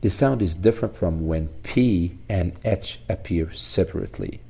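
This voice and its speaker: Male teacher, low and dark, gravelly, patient phonics walkthrough with repeated sounds. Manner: explains slowly, repeats sounds and words. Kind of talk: recorded English phonics lesson.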